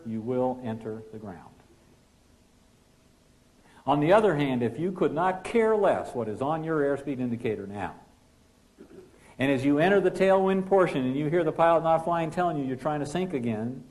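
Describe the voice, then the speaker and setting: Here a flight instructor addresses pilots in class, his delivery emphatic yet a touch mellow. Rhetorical questions pepper his lecture, and his voice sinks low for the crucial points.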